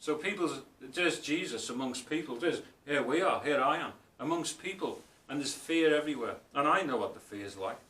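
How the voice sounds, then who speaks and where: A man giving a spiritual talk as author and speaker, telling stories in a reflective way and slowing down for emphasis. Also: expressive, sharp tone. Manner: storytelling, reflective, often slows for emphasis. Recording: roomy, distant mic, faint rumble.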